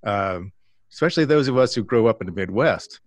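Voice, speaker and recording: A man co-hosting an interview, asking questions in a halting, restarting way. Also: on the low side, animated, dry recording. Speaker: co-host. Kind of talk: casual interview chat.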